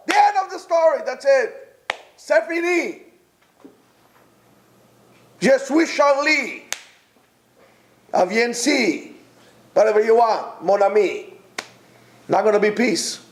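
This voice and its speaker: A man giving an informal Torah class, emphatic and rhetorical, who repeats his points and often restarts his sentences. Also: extremely high pitch. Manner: talks directly to absent listeners. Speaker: Torah teacher.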